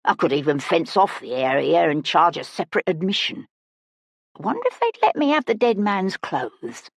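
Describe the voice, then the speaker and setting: A woman's voice: big pitch swings, normal speed, gravelly, dry recording, studio quality, exaggerated voice. A woman voicing a greedy, flustered male tea garden owner who talks nervously and wheedles. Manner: wheedling, nervous, rising to shrill.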